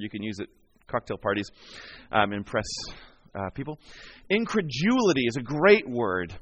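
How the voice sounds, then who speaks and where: Animated, high-voiced male preacher. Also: breathy edge. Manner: animated, conversational, acts out quotes. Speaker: pastor. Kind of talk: sermon. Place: church.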